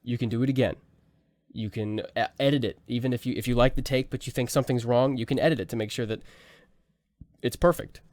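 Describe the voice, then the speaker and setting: A man's voice: medium pitch, fairly even intonation, fast talker, a little mellow. A young man casually teaching voice acting at home, rambling with fillers and restarts into a close mic. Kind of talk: casual tutorial talk. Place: small home room.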